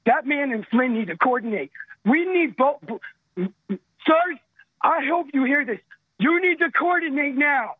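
A man's voice: very high voice, lively intonation, a little slow, no echo. A man calling in to a radio show, an army veteran, speaking intensely and pleading, his voice cracking with emotion. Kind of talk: impassioned call-in rant. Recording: tinny phone line.

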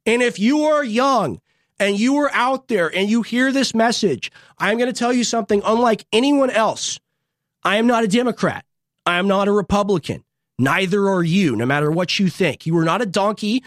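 A young show host giving a fervent, preachy political monologue with rallying repeated lines and big swings in pitch and loudness, in a studio. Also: expressive, moderate pace, dry recording. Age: young adult.

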